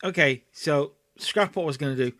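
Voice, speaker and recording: High-voiced man narrating a game. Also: a little fast, heavy background noise. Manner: chatty, narrates and acts out scenes. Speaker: let's play host. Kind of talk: casual game commentary.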